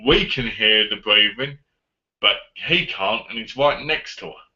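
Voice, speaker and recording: A man casually reviewing a film on his vlog, retelling the plot in an animated way and acting out the lines. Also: lowish voice, unhurried. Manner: animated retelling with acted-out quotes. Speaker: movie reviewer. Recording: dull lo-fi audio.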